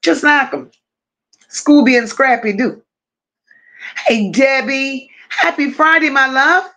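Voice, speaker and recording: A woman hosts a relaxed livestream chat, calling out viewers one by one with easy affection. Her voice sits a little high and her delivery is leisurely and drawn out. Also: takes it slowly. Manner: affectionate, greets viewers one by one and reads their comments aloud. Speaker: livestream host.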